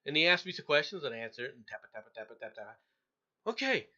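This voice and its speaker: A man's voice: a little high, rapid-fire, lo-fi sound. A middle-aged man hosting a casual chat, telling a long story with lots of repeated words and acting out the people he quotes. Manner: animated, acts out quoted voices, laughs often, repeats words. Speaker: show host.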